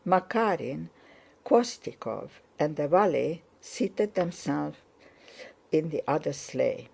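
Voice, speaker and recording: A woman narrating an audiobook in a steady, measured reading. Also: sits low, vocal fry, slightly rough. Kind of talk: scripted narration.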